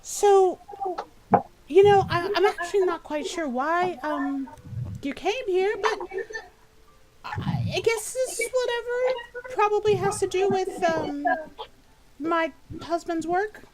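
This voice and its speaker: A woman voicing a clumsy, scatterbrained hostess who talks in a high, hesitant flutter. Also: slow pace, long pauses. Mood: flustered. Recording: noisy home recording.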